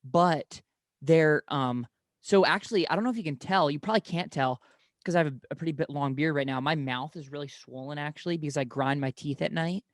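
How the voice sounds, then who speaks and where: A man's voice: a little high, a little fast, dry recording, studio quality. A young man telling rambling personal stories in casual conversation, often correcting himself mid-sentence. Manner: rambling storyteller, many self-corrections.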